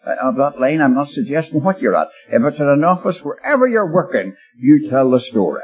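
A man's voice: mid-range voice, lively intonation, brisk, few pauses, slightly rough. An older man preaching a sermon, earnest and exhorting, telling homely stories to press his point. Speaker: lay preacher. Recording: dull lo-fi old tape recording.

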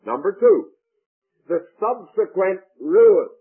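A man preaching a sermon with deliberate, emphatic, drawn-out phrasing. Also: sits high, very animated, husky. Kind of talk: radio sermon. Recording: tinny phone-like radio broadcast.

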